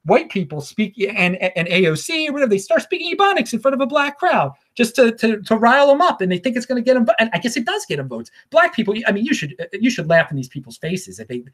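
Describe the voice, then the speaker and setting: A man hosts his own talk show alone. He rambles and stammers, doubling his words and chuckling between thoughts. His voice rises and falls in a lively, animated way. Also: very high-pitched, fast talker, few pauses. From Baltimore, USA. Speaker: show host. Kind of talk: casual solo commentary.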